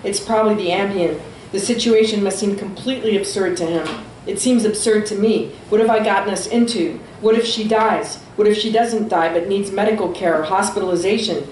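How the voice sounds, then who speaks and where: A woman reading her own fiction aloud at a small venue, with steady, expressive storytelling. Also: medium pitch, fairly quick, few pauses, roomy sound, slight background noise, low-quality recording. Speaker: author.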